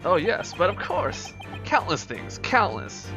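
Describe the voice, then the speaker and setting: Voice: medium pitch, huge pitch swings, unhurried, creaky, full character voice. A streamer voicing a boastful, eccentric male detective in a visual novel, speaking in a theatrical, self-assured way. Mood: pompous. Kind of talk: reading visual novel lines aloud. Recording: game music playing behind. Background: game music.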